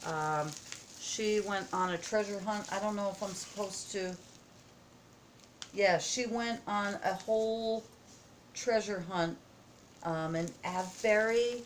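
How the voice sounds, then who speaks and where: A woman vlogging at home as she opens happy mail, excited, gasping and halting with many fillers. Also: medium pitch, slight background noise. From United States. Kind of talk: casual vlog chat. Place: home, indoors.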